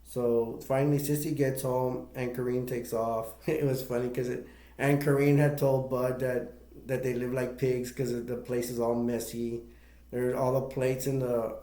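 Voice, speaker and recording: A man's voice: medium pitch, mellow, roomy sound. A man casually retelling the plot of a movie for a review, rambling with many fillers and restarts.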